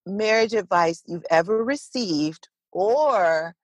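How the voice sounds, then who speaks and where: A woman hosting a podcast interview in casual chat, enthusiastic and quick to agree. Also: mid-range voice, expressive, dry recording. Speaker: podcast host.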